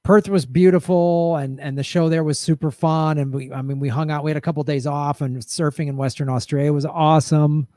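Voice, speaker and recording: A middle-aged man hosts a loose, rambling live-stream chat, upbeat and full of fillers. His voice is fairly high and he is losing it. The sound is dry and close. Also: fairly even intonation, fairly quick, hardly any pauses, mellow, dry recording. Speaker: host.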